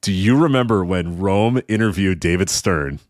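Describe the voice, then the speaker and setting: A man co-hosting a casual podcast who talks in a lively way, laughs a lot and jumps into funny voices when he quotes people. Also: low voice, moderate pace, dry recording, clean studio sound. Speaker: podcast co-host. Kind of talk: casual chat.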